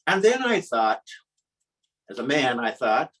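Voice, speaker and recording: A man's voice: mid-range voice, big pitch swings, unhurried, long pauses, fairly bright tone, far from the mic, poor audio. A man telling a comic personal story at a live storytelling event, wry and self-mocking.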